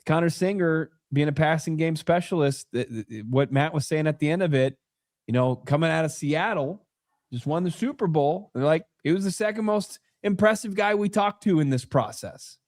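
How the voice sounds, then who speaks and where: A man's voice: fairly high pitch, moderate pace, a little mellow. A man co-hosting a casual sports podcast, talking in a dry, self-mocking way with frequent restarts. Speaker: podcast co-host.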